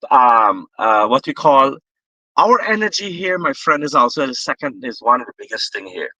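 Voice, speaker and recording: A man's voice: high-pitched, sharp tone, no room sound, rough recording. A Guyanese man talking politics with passion, often restarting his sentences. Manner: impassioned, repetitive restarts. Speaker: political guest. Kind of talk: political discussion.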